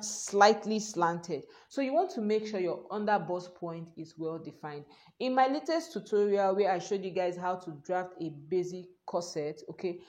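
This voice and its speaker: Young female sewing host, hushed soft delivery, slightly low pitch. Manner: hushed, soft-spoken to avoid waking a baby. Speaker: sewing tutor and channel host. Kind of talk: sewing tutorial talk.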